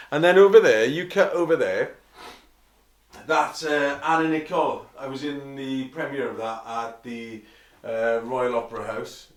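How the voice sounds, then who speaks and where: Chatty Welsh man telling stories. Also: mid-range voice. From Wales. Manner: chatty, self-mocking, quick to laugh. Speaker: opera singer. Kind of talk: casual anecdotal storytelling.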